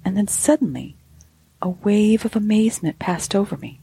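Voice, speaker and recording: A woman hosting a podcast, reading a ghost story aloud in a measured, softly breathy way. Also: mid-range voice, expressive, dry recording.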